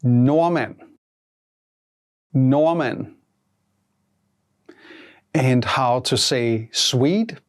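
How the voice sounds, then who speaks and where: A teacher at medium pitch runs a scripted language lesson, prompting in a measured manner and giving every answer two times.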